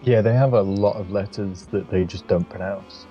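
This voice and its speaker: A man's voice: fairly low pitch, normal speed, lo-fi sound. A man co-hosting a live sim-racing stream, making dry remarks in casual banter. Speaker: race commentator. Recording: music playing behind.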